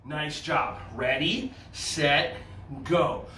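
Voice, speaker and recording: A man leading a lively children's karate class on video, cheering the kids on in a sing-song voice. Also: on the high side, drawn-out words, reverberant, far from the mic, slight background noise. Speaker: kids' karate and yoga instructor. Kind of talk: energetic kids' class on video.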